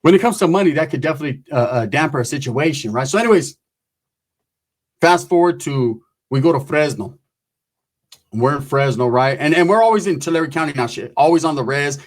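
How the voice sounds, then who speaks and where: A man's voice: a little high, lively intonation, fairly quick. Slangy, profane storyteller man. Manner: loose, profane, slangy storytelling with frequent "right?" asides. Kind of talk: casual storytelling.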